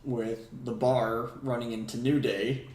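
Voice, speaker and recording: Pria santai memandu rekap, ruangan bergema. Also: male voice, medium pitch, little pitch movement, a little slow, darkish tone. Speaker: podcast co-host. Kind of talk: casual wrestling recap chat. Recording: echoey room.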